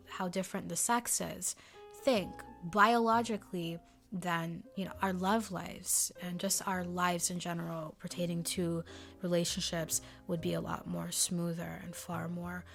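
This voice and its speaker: Low-voiced gravelly woman, chatty. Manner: chatty, rambling with fillers and self-corrections; drops into soft whispered asides. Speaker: book review vlogger. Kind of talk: casual chat.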